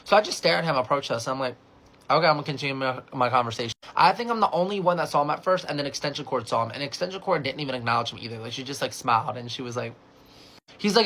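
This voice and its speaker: A man's voice: fairly high pitch, expressive, fast talker, a bit bright. A young adult man from California telling a casual storytime, chatty and swearing freely, with lots of "like" as he acts out the dialogue.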